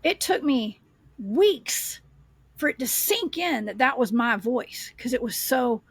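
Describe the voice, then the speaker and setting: A woman, a paranormal investigator, telling her story as a guest in a casual podcast chat, animated and rambling. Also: a little high, slow pace, gravelly, husky, no room sound.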